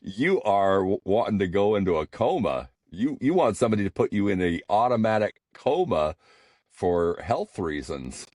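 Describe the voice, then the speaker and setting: Low-voiced older man, jokey and animated. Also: no echo, clean studio sound. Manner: jokey, playful banter with quick laughs. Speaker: podcast co-host. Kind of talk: casual comedic chat.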